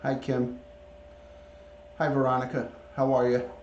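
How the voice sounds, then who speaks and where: Hosting a casual livestream, a man coos at his pet in baby talk and greets viewers by name. His mid-range voice is monotone, unhurried and a little mellow. A camera or device mic, not a clip-on, picks him up, giving roomy, dull lo-fi audio with a touch of hiss or hum.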